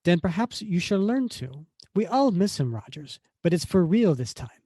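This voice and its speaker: A man voices a stern, commanding Italian countess who runs a spy agency, using a put-on Italian accent and pitching above his own voice. The delivery is high, very animated, mellow, and moderately paced, in a dry, clean studio recording.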